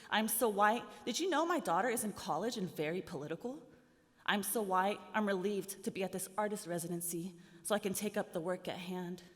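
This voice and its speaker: A woman's voice: medium pitch, animated, fairly quick. A woman poet giving a live reading of her work, with a rhythmic, sardonic delivery that builds in intensity. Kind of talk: poetry reading to a live audience. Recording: long hall reverb.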